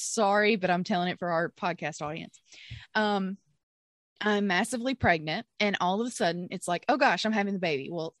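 A woman's voice: medium pitch, dry recording, clean studio sound. A woman, co-hosting a podcast and telling a story in casual chat, laughing often and acting out what she and others said. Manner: animated, laughing storyteller who acts out her own quotes. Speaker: podcast co-host.

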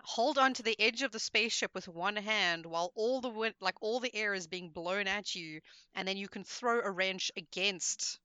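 A woman in casual chat as a podcast co-host, animated and laughing, with some swearing. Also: medium pitch, moderate pace, clear, resonant tone, no room sound, highs cut off.

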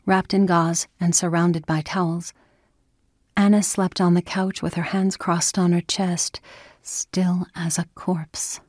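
A woman narrating a scripted story in a calm, measured way, dropping to a whisper in tense moments. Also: on the low side, no room sound, studio quality.

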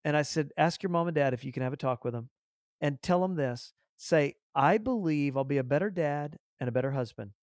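A man hosting a podcast, telling a story with lively acted-out dialogue and frequent repeated words. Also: a little high, fairly quick, no room sound, studio quality. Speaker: podcast host. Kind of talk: casual storytelling interview.

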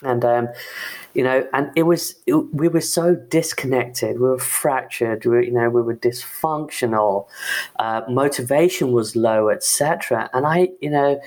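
A man, an IT manager, telling his own career story in a halting way, full of "you know" and "um". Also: mid-range voice, a little mellow. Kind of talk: personal story talk.

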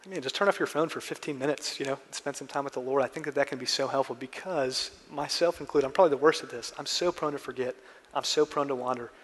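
A man's voice: mid-range voice, fast talker, fairly bright tone, breathy edge, in a large hall. A man preaching a sermon in a church, with an earnest, conversational manner of telling stories. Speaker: pastor.

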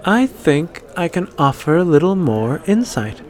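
A man's voice: fairly high pitch, big pitch swings, unhurried, pitched above the performer's own voice. A man voicing a mischievous, tipsy woman warrior with slurred, sarcastic speech.

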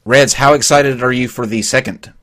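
A man hosting a casual panel chat, moderating briskly and moving topics along. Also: mid-range voice, steady tone, a bit bright. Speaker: podcast host.

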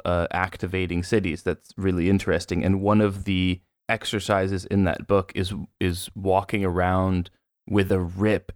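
A man with a very deep voice co-hosts a casual podcast. He chats loosely and rambles through his stories with many fillers. The sound is dry and close, with no room around it. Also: dry recording. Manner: rambling, filler-heavy storytelling. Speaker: podcast co-host. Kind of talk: casual chat.

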